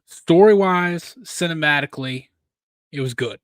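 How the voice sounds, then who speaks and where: Man, candid casual critique, slightly higher voice, dry close sound. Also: measured pace, no echo. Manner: candid, lots of "like" fillers. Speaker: co-host reviewing fan films. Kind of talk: casual review chat.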